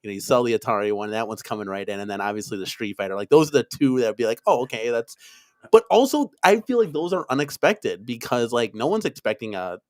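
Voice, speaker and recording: A man from Wisconsin hosting a casual live-stream chat, talking in an excitable, rambling way with lots of fillers. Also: medium pitch, fast, no echo. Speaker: podcast host.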